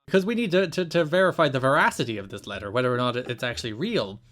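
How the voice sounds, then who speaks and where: A man's voice: medium pitch, rapid-fire, fairly bright tone. A man co-hosting a podcast in casual chat, rambling with frequent restarts and casual swearing. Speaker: podcast co-host.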